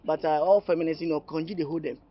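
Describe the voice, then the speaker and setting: A man's voice: on the high side, fairly even intonation, fast talker, close to an everyday voice. Cheeky Nigerian flirt played by a man, teasing and laughing, dull film sound with faint hiss. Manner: playful, teasing, laughs a lot. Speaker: flirting brother-in-law. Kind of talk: Nollywood film acting.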